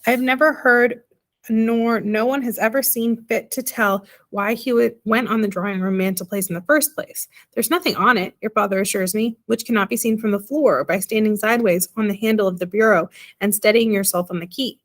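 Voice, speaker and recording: A woman voicing an anxious, sharp-tongued tiny mother in a storybook reading, talking emphatically. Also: medium pitch, fairly quick, natural voice. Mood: scolding. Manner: emphatic, scolding, fussy.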